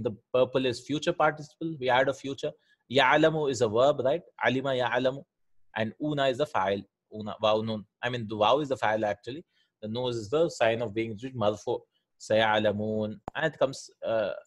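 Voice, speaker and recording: Husky-voiced man teaching Arabic grammar. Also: mid-range voice. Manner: explains patiently, often asks "right?", repeats words. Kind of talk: Quranic Arabic grammar lesson.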